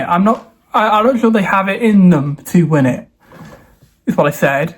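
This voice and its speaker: A young Englishman with a notably high voice talks casually to camera in a solo vlog. He thinks out loud, wavers between choices and breaks into excited exclamations, with a relaxed, chatty delivery. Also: normal speed. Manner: animated, thinks aloud, dithers and exclaims. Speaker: football vlogger.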